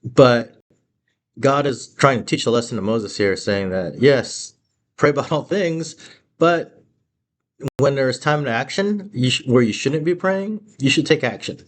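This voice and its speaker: A man's voice: mid-range voice, animated, unhurried. A man teaching about the Bible in a casual, conversational way, with many fillers and restarts.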